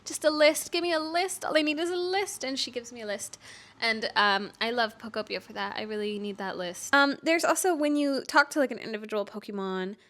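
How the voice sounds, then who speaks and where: Young woman, gaming vlogger, animated and rambling casual rant, voice a little high. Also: brisk. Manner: animated, rambling, self-aware and expressive. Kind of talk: casual couch-talk rant.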